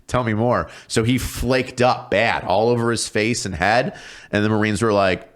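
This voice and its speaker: A man's voice: on the low side, normal speed. A man in his thirties, a podcast guest telling casual, profane stories and acting out quoted voices. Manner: profane, laughing storyteller, acts out quoted voices. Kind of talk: casual storytelling chat.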